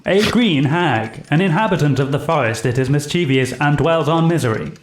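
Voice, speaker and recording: A man's voice: fairly high pitch, lively intonation, moderate pace, a little hiss or hum. Man narrating as game master.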